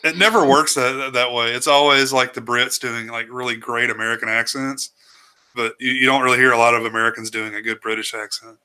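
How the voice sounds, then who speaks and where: A man's voice: mid-range voice, steady tone, a little fast, pushed and bright, clear, resonant tone, poor audio. A man co-hosting a casual movie discussion podcast, giving short agreeing replies. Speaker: podcast co-host.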